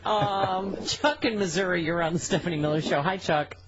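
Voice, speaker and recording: A woman hosting a comedic radio talk show, bantering quickly with her co-hosts and callers and laughing often. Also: on the low side, dull audio, noisy background.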